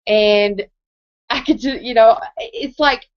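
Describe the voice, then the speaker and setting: A woman's voice: a little high, takes it slowly, dry recording. Chatty woman, dull dry recording. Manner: conversational, keeps checking in with the audience. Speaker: presenter. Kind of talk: live motivational testimony.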